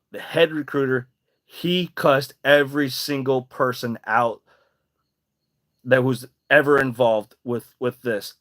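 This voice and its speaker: A man's voice: medium pitch, a bit bright. A young adult man hosting a podcast, telling a personal story in a rambling, emphatic way with casual swearing. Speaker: podcast host.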